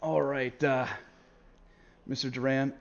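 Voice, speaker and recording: A man's voice: mid-range voice, level tone, takes it slowly, gravelly. An upbeat man co-hosting casual commentary on a sim racing stream. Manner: upbeat, laughing, hamming it up. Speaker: race commentator. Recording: slightly lo-fi mic.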